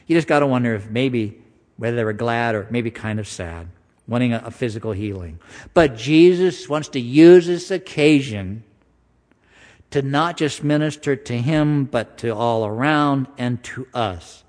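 A man preaching a sermon in a conversational style, slowing down for emphasis and acting out voices. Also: medium pitch, lively intonation, darkish tone. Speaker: pastor. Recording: long hall reverb.

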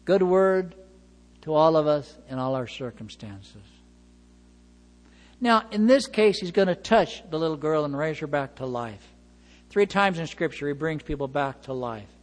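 A male pastor preaching a sermon, retelling scenes with lively acted-out dialogue and chuckles. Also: a little high, measured pace, big-room sound. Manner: animated storytelling, acts out dialogue, chuckles.

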